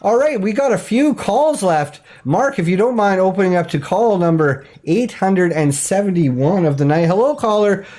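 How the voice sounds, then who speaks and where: A man hosting a comedic call-in talk show, loud and excitable, often shouting. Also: sits high, moderate pace, hardly any pauses.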